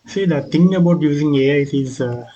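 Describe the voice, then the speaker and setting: A man's voice: a little high, moderate pace, dark tone, muffled recording. A man casually walking through his own app prototype, hesitant, with frequent fillers and restarts. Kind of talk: casual screen walkthrough.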